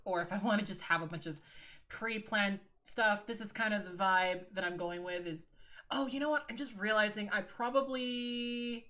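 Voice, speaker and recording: Woman livestreamer, lowish bright tone, frank chatty delivery, swears freely, addresses viewers as girl. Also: moderate pace. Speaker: livestreaming video creator. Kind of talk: casual livestream chat.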